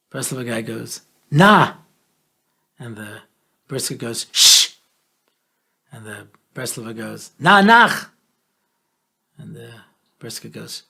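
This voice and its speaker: Joking older man with a gravelly voice. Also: medium pitch, takes it slowly, pauses often. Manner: joking, deadpan punchlines, playful storytelling. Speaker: talk show host. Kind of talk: comedic talk show monologue.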